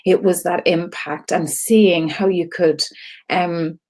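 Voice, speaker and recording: An Irish woman talks straight to her viewers in a loose, heartfelt way, wandering through her story. Her voice sits a little low for a woman. She keeps restarting sentences and leaning on fillers as she goes. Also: fairly even intonation, takes it slowly, darkish tone. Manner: candid and rambling, with frequent fillers and restarts. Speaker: host of an online community show.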